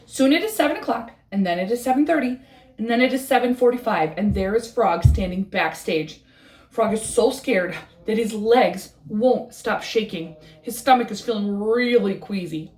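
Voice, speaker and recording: A woman reading a bedtime story aloud with a rhythmic, expressive delivery. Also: mid-range voice, normal speed, roomy sound.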